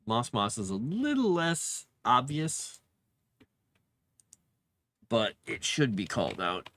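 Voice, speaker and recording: A man's voice: mid-range voice, wildly swooping pitch, slow, a bit bright, no echo. A man casually chatting while building a fantasy map, muttering to himself and cooing at his cat. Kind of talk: casual livestream chat while working.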